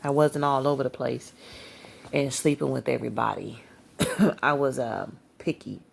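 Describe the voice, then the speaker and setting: A tired woman telling a personal religious testimony in a rambling, halting way, full of fillers. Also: very deep voice, steady tone, creaky, slightly rough. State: tired, yawning. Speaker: Christian testimony speaker.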